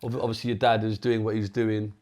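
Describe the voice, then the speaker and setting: A man with a low, fairly flat voice hosts a casual podcast interview. He asks plain, direct questions. Between the guest's stories he keeps up a steady run of short affirmations. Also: a little fast. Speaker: podcast host.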